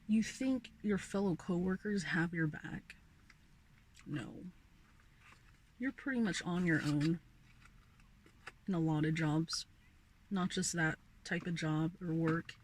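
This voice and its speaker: A woman's voice: mid-range voice, slight background noise. A young woman vlogger ranting casually about her old job, swearing freely and sighing often. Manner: profane, ranting, sighs often. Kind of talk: casual rant.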